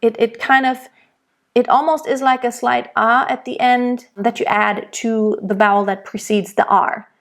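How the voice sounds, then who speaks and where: Slow, patient woman voice teacher. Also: fairly high pitch, steady tone, fairly bright tone. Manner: explains patiently, then demonstrates each word aloud; rolls and stresses German consonants in her demonstrations. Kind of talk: diction lesson for singers.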